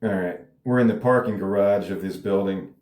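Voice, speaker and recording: A man's voice: sits low, moderate pace, a little mellow. A man reading his own script aloud in a table read, commenting in a rambling, casual way and swearing now and then. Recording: roomy echo.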